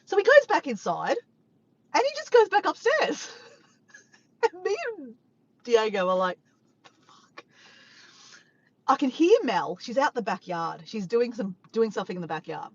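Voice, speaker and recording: A woman vlogger telling a funny story to her viewers, animated and laughing, swearing freely. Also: mid-range voice, moderate pace, slightly rough, no room sound, highs cut off. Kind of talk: casual storytelling to camera.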